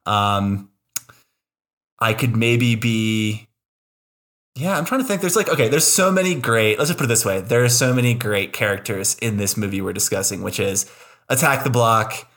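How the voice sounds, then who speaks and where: A man's voice: fairly low pitch, lively intonation, moderate pace, a bit bright. A man hosting a podcast in a casual, chatty way. He is enthusiastic and self-deprecating, and often restarts his sentences. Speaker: podcast host.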